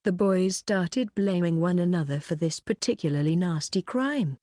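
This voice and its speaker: A woman reads a first-person novel in a measured, even way. Her voice sits on the low side. The sound is close and dry, with no room around it. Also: dry recording. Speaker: audiobook reader.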